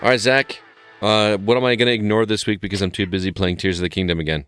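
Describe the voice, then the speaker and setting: A man's voice: fairly low pitch, quick pace, loud music behind the voice. A man hosting a casual podcast, chatting easily and reading out the show's plugs. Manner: relaxed and chatty, reads show plugs. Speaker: podcast host.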